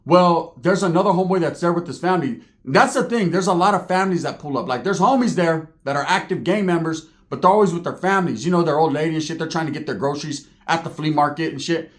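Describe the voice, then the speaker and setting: Brief: man, slightly high voice, casual profane street storyteller, slang-heavy. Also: fast, few pauses.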